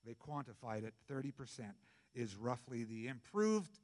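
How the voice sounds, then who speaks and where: A middle-aged male pastor preaching a sermon in a conversational, jokey way, jumping from loud bursts to soft asides. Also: medium pitch, big pitch swings, normal speed, in a large hall.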